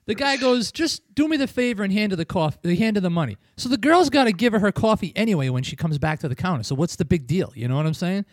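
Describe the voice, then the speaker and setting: Profane, rambling man with a higher voice. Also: expressive, quick pace, few pauses, no room sound, studio quality. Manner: profane, rambling, chuckles often. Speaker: podcast host. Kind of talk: casual chat, storytelling.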